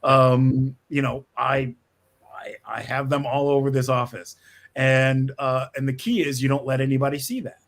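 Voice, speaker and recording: A man's voice: mid-range voice, steady tone, moderate pace. A middle-aged man, a screenwriter guest, chatting casually and rambling with many restarts and small laughs. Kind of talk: casual interview talk.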